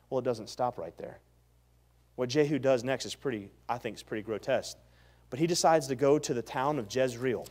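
A man pastor preaching a sermon, retelling scripture in animated, slangy storytelling with stammering restarts. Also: a little high.

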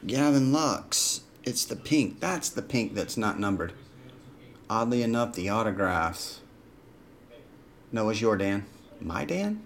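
A man's voice: lowish voice, big pitch swings, takes it slowly, long pauses. A man hosting a live card break in a casual way, calling out player names as he opens packs. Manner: rattles off player names while opening packs.

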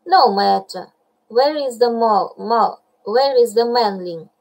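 A woman voicing a calm, commanding old male python in a storybook reading, speaking slowly and evenly. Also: a little high, poor audio.

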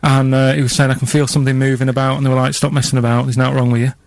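A man with a Manchester accent tells stories on a radio show in a plain, matter-of-fact way. His voice sits at an ordinary middle pitch. It is recorded close and dry in a studio. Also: little pitch movement, racing, creaky, dry recording. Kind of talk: casual radio banter. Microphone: studio microphone.

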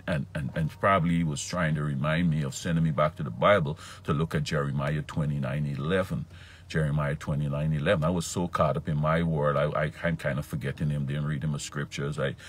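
A man preaching a sermon and telling his own story, with frequent "right?" tags, lots of repetition and sudden jumps in pitch for emphasis. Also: husky. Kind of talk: sermon with personal testimony.

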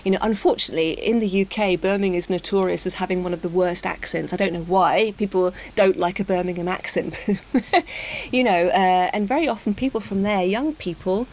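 A woman's voice: on the low side, brisk, rough recording. A woman from the UK talking in an unscripted conversation for English learners, thoughtful and hesitant, with fillers and repeated words. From United Kingdom. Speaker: speaker in an English-learning talk.

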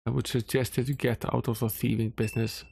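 A man's voice: medium pitch, level tone, brisk, vocal fry, a little mellow, a little hiss or hum, natural voice. A man reading a cool confident young thief. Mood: assured.

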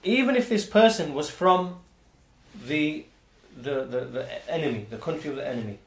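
A man giving an explanatory lecture on hadith as a religious teacher, talking in a halting way with frequent restarts and repeated words. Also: on the high side, lively intonation. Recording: roomy echo.

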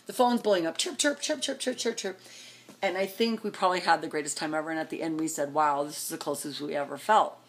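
A woman vlogger telling a casual story, animated and acting out what people said with big jumps in her voice. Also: fast talker, hardly any pauses. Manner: animated, acts out quotes with big pitch jumps.

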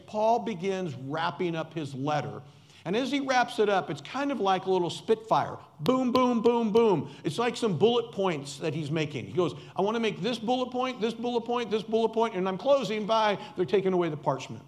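A man preaching a sermon as pastor, emphatic and repeating key words for stress, with playful asides. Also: high voice.

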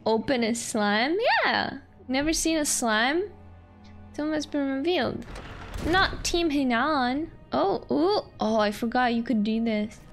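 A woman's voice: high voice, animated, measured pace, faint music behind. A woman streaming a game, joking and rambling casually over the gameplay.

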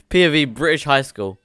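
A man streaming live, reacting casually to clips and chat with frequent laughter and quick exclamations. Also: on the high side, bright, forceful tone, no echo, clean studio sound.

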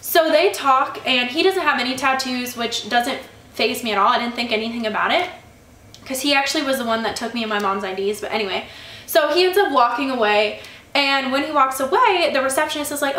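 Bright-voiced young woman vlogger, chatty. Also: sits high, brisk, slight background noise. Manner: chatty storytelling, annoyed ranting. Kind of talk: casual chat vlog. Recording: echoey room.

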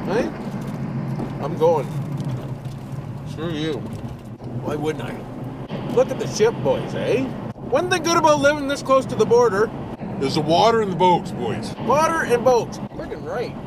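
Older Ontario man, fairly high voice, crude joking vlogger, recorded from a distance in a noisy car. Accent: Canadian, Ontario. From Canada. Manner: crude joking banter, repeats catchphrases like "friggin' right". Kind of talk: casual vlog chat while driving. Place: inside a car while driving. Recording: distant mic with loud car noise.

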